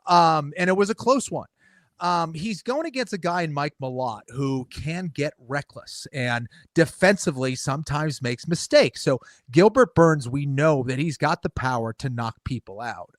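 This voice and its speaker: A man giving measured fight picks as a podcast co-host, with "you know" and "um" fillers. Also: fairly high pitch, dry recording, studio quality. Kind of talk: casual podcast analysis.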